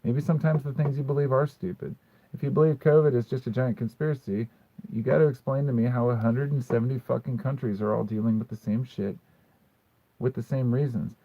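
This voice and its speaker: A man's voice: medium pitch, steady tone, fairly quick. A man hosting a live chat stream, reading comments and answering them bluntly and sarcastically, swearing often and saying "dude" a lot. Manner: argumentative, frequent "dude". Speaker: livestream host reading chat. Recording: dry, tinny phone-like sound.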